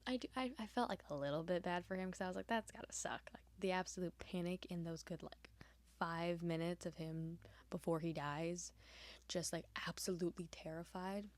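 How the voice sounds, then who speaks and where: A woman hosting her art channel, chatting casually over a speedpaint with lots of fillers, often dropping into a soft whisper. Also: lowish voice, normal speed.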